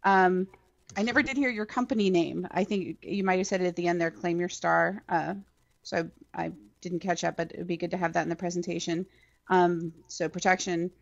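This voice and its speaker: A woman judging a pitch over a video call, giving measured feedback in a questioning way. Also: fairly even intonation, creaky. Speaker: pitch contest judge. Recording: dull lo-fi video call audio.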